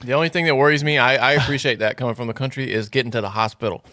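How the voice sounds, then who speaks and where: A man with a mid-pitched voice co-hosts a podcast in casual chat. He cuts in with short, dry, teasing remarks. The studio sound is dry and close. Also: fairly even intonation, very fast, bright, forceful tone, no room sound. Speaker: podcast co-host.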